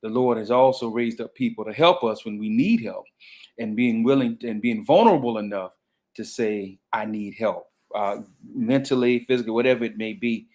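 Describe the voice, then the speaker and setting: A man's voice: medium pitch, normal speed, a little mellow. A man, a pastor, talking in a panel conversation in a reflective way with frequent restarts and fillers.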